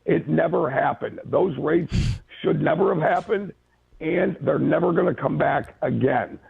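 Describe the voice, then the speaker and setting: A man's voice: on the high side, measured pace, no room sound. A male guest giving confident, opinionated forecasts over a phone line. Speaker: guest mortgage analyst. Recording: gravelly tinny phone line.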